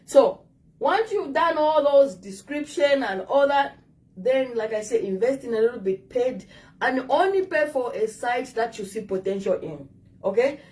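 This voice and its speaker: A woman's voice: fairly high pitch, expressive, a little slow, a little mellow, recorded from a distance. A woman with an African English accent giving direct, coaxing dating advice to her viewers in a casual monologue.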